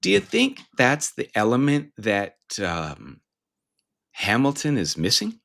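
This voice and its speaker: A man's voice: mid-range voice, gravelly. A man co-hosting a podcast in casual chat, jumping in with questions. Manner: animated, quick to jump in with questions. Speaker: podcast co-host.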